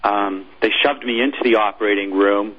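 Speaking in a fairly low, steady voice with a breathy edge, a former military chaplain shares a personal story during an interview. He halts and repeats himself as he talks, and the sound is lo-fi.

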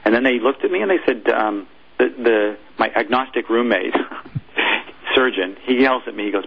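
A former military chaplain, a man, telling a personal story in an interview, halting and repeating words as he goes. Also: on the low side, gravelly, breathy edge, muffled recording.

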